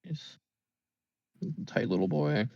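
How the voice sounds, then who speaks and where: Ein junger Mann, der entspannt und locker als Spieler an einem Tischrollenspiel teilnimmt. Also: male voice, mid-range voice, lively intonation, slow pace, vocal fry, mellow, no room sound, dull audio. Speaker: player. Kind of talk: tabletop game table talk.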